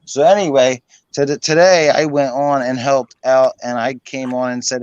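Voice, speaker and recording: Rambling, swearing host on a dry mic. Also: male voice, mid-range voice, fairly even intonation, moderate pace, few pauses, a little mellow, clear, resonant tone, no room sound, highs cut off. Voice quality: rambling, swears casually, many fillers. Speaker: host of an online hangout stream. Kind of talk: casual chat.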